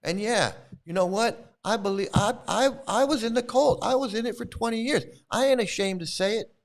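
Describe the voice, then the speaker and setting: A middle-aged man with a high, gravelly voice speaks at normal speed. Hosting his own YouTube channel, he delivers an angry, profane live-stream rant, swearing confrontationally at his commenters.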